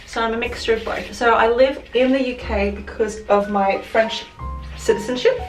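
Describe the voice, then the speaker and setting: A woman's voice: on the high side, steady tone, normal speed. Australian woman vlogger, chatty and self-correcting, echoey home room. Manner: chatty, rambling, corrects herself mid-sentence. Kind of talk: casual chat to camera. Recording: roomy echo, mic at a distance, music behind. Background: music.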